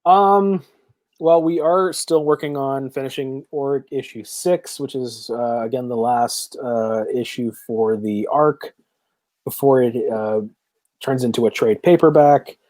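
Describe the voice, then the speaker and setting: A man's voice: medium pitch, a little slow, a little mellow, no echo. A man in his thirties, a comic book creator, chatting casually as a guest with many fillers and easy laughs. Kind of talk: casual interview chat.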